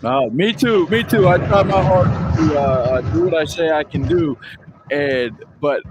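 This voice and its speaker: A man's voice: fairly high pitch, measured pace, heavy background noise. A man hosting a casual interview, friendly and laughing easily, often repeating words as he stumbles. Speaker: podcast interviewer.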